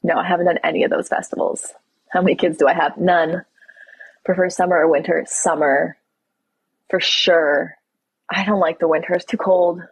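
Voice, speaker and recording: A young woman hosts a relaxed live stream, reading out comments and answering them frankly. Her voice sits low and has a breathy, husky edge. It sounds dry and close, with no room around it. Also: normal speed, pauses often, no room sound, rough recording. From Toronto, Canada. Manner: relaxed, reads out viewer questions and answers them candidly. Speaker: livestream host.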